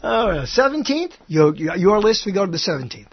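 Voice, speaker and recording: High, lively husky man chatting. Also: brisk. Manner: animated, joking, laughs often. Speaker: co-host. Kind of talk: casual chat. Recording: dull lo-fi sound.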